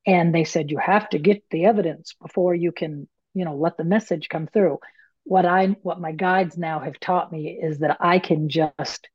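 Woman, medium, casual storytelling, lively inner-voice reenactments, dry close sound. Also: on the low side, dry recording, dull audio. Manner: animated, acts out her own panicked inner voice. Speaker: medium and author, guest.

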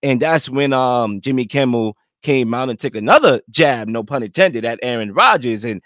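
A man's voice: mid-range voice, expressive, moderate pace, fairly bright tone, dry recording, studio quality. A man hosting a podcast, talking in a rambling, conversational way with lots of fillers. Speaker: podcast host. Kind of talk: casual debate chat.

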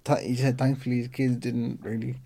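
A man with a gravelly, dark-toned voice, chatting casually as a co-host. He sounds relaxed and self-deprecating, often trailing off mid-thought. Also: mid-range voice, fairly quick. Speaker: podcast co-host. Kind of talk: casual chat.

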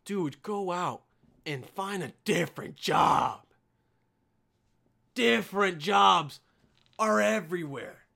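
Young man, high voice, bright tone, casual podcast rant, profane, keeps saying dude. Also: slow, vocal fry, long pauses. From Bosnia. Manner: profane, animated, calls listeners dude and man. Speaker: podcast host.

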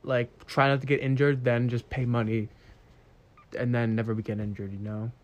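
A man's voice: medium pitch, little pitch movement, normal speed, muffled recording. A young man co-hosting a podcast, teasing and roasting his friend in casual, profane chat. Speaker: podcast co-host.

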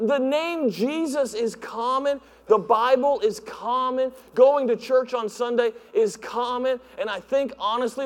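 High-voiced pastor preaching. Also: male voice. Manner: animated, acts out voices, laughs at own jokes. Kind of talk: sermon. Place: church sanctuary. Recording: long hall reverb.

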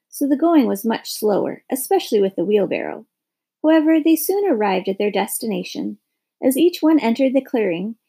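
A woman narrates a storybook with a slightly raised pitch and a gravelly texture. Her voice is husky and mellow, with a gentle, unhurried delivery.

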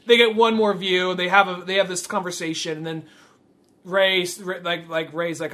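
A high, bright man talks casually on a podcast. He rambles and retells film scenes with quoted lines. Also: normal speed. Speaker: podcast co-host. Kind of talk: casual chat.

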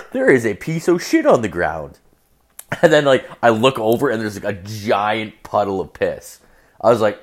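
A man's voice: lowish voice, animated, moderate pace. A young man telling a story in a casual, rambling monologue, swearing constantly and saying "like" all the time. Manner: profane, rambling, heavy use of filler "like". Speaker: podcast host.

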